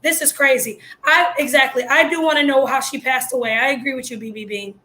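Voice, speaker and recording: A woman with a high, bright, sharp voice gives blunt, slangy commentary on the news. She sounds excitable and a little strained, as if she is losing her voice. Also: brisk. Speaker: video host commenting on news. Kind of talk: casual live commentary.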